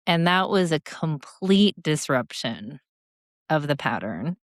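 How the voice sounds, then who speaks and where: A woman's voice: low voice, very animated, slow pace, dry recording, studio quality. A woman in her forties, a guest speaker and coach, telling stories in a reflective, coaching tone during a podcast interview.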